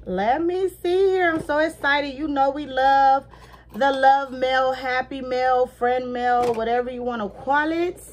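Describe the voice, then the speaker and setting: A woman's voice: high-pitched, fairly even intonation, unhurried, slight background noise. A middle-aged woman, chatting effusively in a casual haul video and thanking her viewers. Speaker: vlogger.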